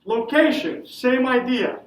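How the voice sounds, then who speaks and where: A man with a very high voice teaches a class, tossing questions to the room and answering them himself. He sounds far from the microphone, and the classroom's echo hangs around his words. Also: takes it slowly. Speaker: Spanish teacher. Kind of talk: classroom lesson.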